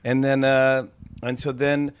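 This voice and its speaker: A man, a comedian and TV host, telling animated stories and laughing often in a casual interview. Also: medium pitch, a little slow, smooth, no echo.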